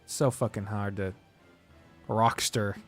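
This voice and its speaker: A man's voice: lowish voice, steady tone, measured pace, faint music behind. A man streaming a strategy game, chatting casually, ranting, swearing and laughing a lot. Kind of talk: casual gaming livestream commentary.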